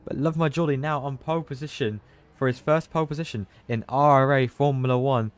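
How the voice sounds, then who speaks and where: A man's voice: medium pitch, brisk, dry recording. Guy doing live race commentary, chatty, gets really hyped when the times drop. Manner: excitable, rises sharply at big moments; loose, chatty, with restarts and asides. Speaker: team manager.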